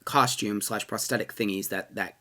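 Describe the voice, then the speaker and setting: A man co-hosting a casual review podcast, talking in a rambling, filler-heavy, animated way. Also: lowish voice, moderate pace. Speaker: podcast co-host reviewing haunted attractions. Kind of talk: casual chat.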